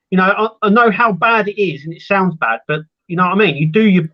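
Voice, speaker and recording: A man co-hosting a wrestling talk show, casually retelling what others said in a relaxed way. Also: sits high, fairly quick, hardly any pauses. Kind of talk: casual chat. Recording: dull lo-fi sound.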